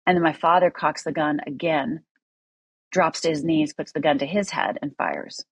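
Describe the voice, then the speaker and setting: A middle-aged woman from Upper Michigan with a low, husky voice, speaking earnestly and candidly as a podcast guest. She tells her story plainly with many fillers, recorded close and dry. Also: fairly even intonation, moderate pace, no room sound. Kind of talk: personal storytelling.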